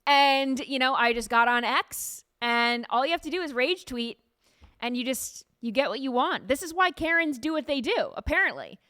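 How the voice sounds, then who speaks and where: A woman podcast host in casual chat, telling stories in an animated way with frequent laughter, recorded in a studio. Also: high voice, normal speed, dry recording.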